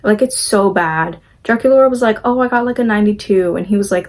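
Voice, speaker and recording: A woman's voice: medium pitch, fast, a little mellow, rough recording. A young woman casually recapping a movie, chatty and gushing, acting out the characters' lines as she goes.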